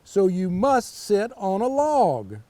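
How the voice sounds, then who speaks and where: A bossy, know-it-all storybook cat, put on by an older man reading aloud. He gives insistent, matter-of-fact answers in a bright, high voice that rises and falls a lot. The sound is close and dry. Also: wildly swooping pitch, slow, dry recording, exaggerated voice.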